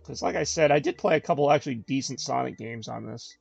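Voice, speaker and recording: A man's voice: mid-range voice, quick pace, gravelly, husky, dry recording, lo-fi sound, soft background music. A man hosting a gaming video, giving casual, wry let's-play commentary and talking to his viewers. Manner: chatty, wry, addresses viewers.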